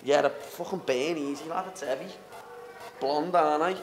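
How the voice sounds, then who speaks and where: A man's voice: fairly high pitch, moderate pace, soft background music. A young man with a Liverpool accent, a fighter answering questions in a casual interview, cocky and full of banter, calling everyone "lad". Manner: cocky, banter-heavy, says "lad" constantly. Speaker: MMA fighter.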